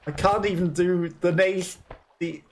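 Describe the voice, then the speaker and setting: With some slight background noise, a young Black Country speaker from England's West Midlands gives casual gameplay commentary while streaming. He is chatty and self-mocking and laughs often, in a high, steady, unhurried voice.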